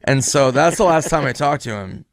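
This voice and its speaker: A man's voice: mid-range voice, animated, normal speed, no room sound. Laid-back man telling a rambling story, dry close sound. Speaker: comedian. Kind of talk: casual storytelling in a podcast interview.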